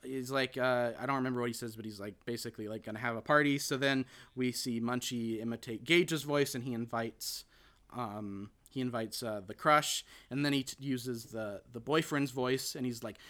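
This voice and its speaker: Bright-voiced man rambling through a film recap. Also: mid-range voice, normal speed. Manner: rambling, full of fillers and restarts, quotes characters. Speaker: podcast host. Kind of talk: casual chat recapping a film.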